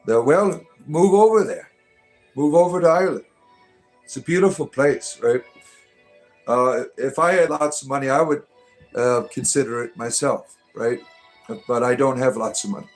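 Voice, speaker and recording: A man's voice: mid-range voice, moderate pace, soft background music. A man running a casual, irreverent livestream chat, rambling through jokey mock-sermons with stammering restarts. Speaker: satirical druid streamer answering chat.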